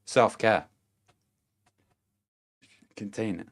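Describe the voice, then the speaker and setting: A young man giving a blunt, profane self-help monologue, laughing to himself and swinging between loud emphasis and low murmurs. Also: extremely slow. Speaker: vlogger.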